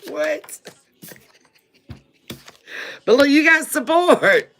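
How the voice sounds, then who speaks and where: Animated bright-voiced woman tarot reader. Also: sits high, drawn-out words, pauses often. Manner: animated, laughs often, calls viewers baby; repeats phrases for emphasis. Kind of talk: live-streamed tarot reading.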